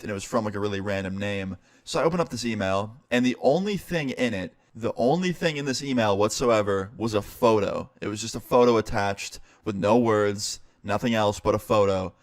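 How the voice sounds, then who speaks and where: A man's voice: on the low side, brisk, dry recording, studio quality. A young man, a streamer, casually telling a story and swearing now and then. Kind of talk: storytime narration.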